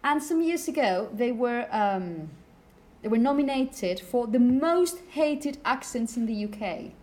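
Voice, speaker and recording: A woman's voice: on the high side, expressive, a little slow, a little mellow. A woman teaching a phonetics class in a classroom, chatty and apologetic, putting questions to her students. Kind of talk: classroom lecture.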